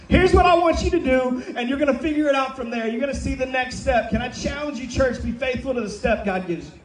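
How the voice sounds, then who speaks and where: A man's voice: very high-pitched, background noise. A man, a pastor, preaching a sermon with emphatic calls to the congregation. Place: church sanctuary. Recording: echoey hall, mic from a distance.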